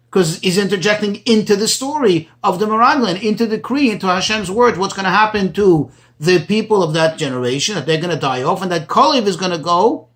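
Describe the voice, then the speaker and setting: Rabbi teaching Torah text. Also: male voice, high-pitched, a bit bright. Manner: explains slowly, translating Hebrew phrases and restating points. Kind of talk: Torah study tutorial.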